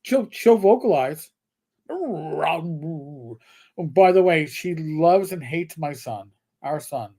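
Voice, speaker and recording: A man's voice: fairly high pitch, expressive, a little slow, few pauses, dark tone. A man, co-hosting a casual live stream and telling rambling stories with casual swearing. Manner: rambling storyteller, swears casually, imitates his cat. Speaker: co-host of a gaming health live stream. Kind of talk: casual chat.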